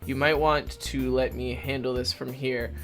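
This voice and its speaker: A man reading the lines of a calm young woman nurse in a game, gently scolding and matter-of-fact. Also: mid-range voice, a little slow, faint music behind.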